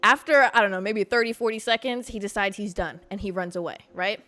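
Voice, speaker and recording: A woman hosting a podcast, telling a story in a casual, animated, profane way. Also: medium pitch, a little fast. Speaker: podcast host.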